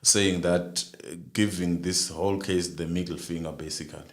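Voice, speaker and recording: A man co-hosting a live stream, giving his views in halting speech full of repeated words and fillers. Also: low voice, steady tone. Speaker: livestream co-host commenting on a court case. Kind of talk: casual live commentary.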